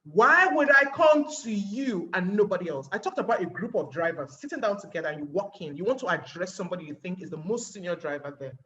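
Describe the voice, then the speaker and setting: A woman's voice: on the low side, lively intonation, fast talker, few pauses, sharp tone, muffled recording. A woman with a Nigerian accent giving a webinar talk as guest speaker, acting out little scenes and firing rhetorical questions.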